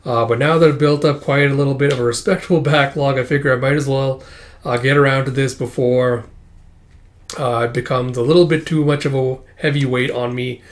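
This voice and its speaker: A man's voice: medium pitch, steady tone, fairly quick. A young man hosting a casual manga read-through, chatty and full of fillers, raising his voice when he reads the characters' lines. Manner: chatty, many fillers, laughs while reading, raises voice for quoted lines. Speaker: manga reaction host.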